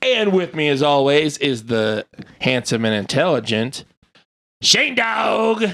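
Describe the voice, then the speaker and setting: Slow, lively male podcast quizmaster. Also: mid-range voice. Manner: reads quiz questions out slowly, jokey. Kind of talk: casual podcast banter.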